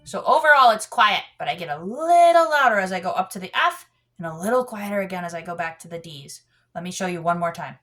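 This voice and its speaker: A woman with a fairly low, expressive, slightly bright voice speaks fast while giving a piano lesson. She explains patiently and sings out the counts as she plays, with piano audible in the background.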